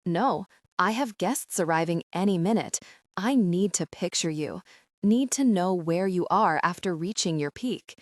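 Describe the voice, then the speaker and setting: A composed, wealthy businessman teases in a dry, measured way, voiced by a woman narrator. His voice sits fairly low. The audiobook recording is dry and close. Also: expressive, no echo. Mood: teasing.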